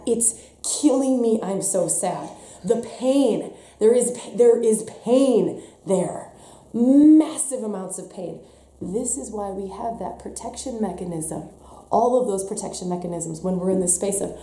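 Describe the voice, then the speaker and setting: A woman's voice: medium pitch, takes it slowly. Emphatic woman teaching in an echoey room. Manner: emphatic, swings between hushed and loud, acts out inner voices. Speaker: workshop leader. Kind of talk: spiritual teaching talk on a live stream.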